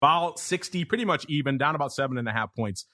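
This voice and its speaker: A man's voice: fairly high pitch, animated, fast talker, bright, forceful tone. A man hosting a podcast, chatting casually about markets and laughing often in playful banter. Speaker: podcast host.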